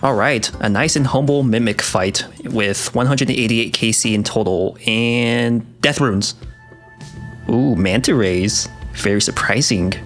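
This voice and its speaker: A man talks through his gameplay in a quiet, soft late-night voice at an ordinary middle pitch. He is excitable and swears freely, breaking into gasps and whispers. Faint music plays underneath. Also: measured pace. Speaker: gaming video creator. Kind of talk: casual gameplay commentary.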